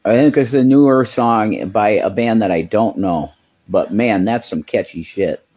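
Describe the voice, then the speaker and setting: A laid-back man chats casually beside the host, his voice somewhat low and husky. He drops casual swears and easy agreement into the talk. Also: unhurried, a little mellow, lo-fi sound. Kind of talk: casual chat.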